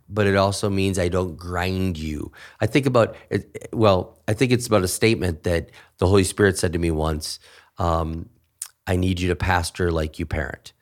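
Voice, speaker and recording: Deep-voiced pastor, emphatic and animated. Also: male voice. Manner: emphatic, animated when quoting others. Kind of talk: podcast conversation.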